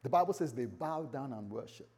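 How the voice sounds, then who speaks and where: A male pastor preaching a sermon in a church, animated and lightly teasing his congregation. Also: mid-range voice, fairly quick, slightly rough.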